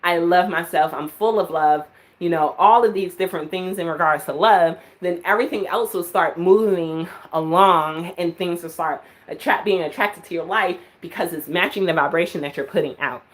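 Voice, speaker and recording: A woman's voice: lowish voice, normal speed, few pauses. A woman giving live-stream psychic readings, chatty and full of filler words, at times laughing. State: out of breath. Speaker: psychic reader.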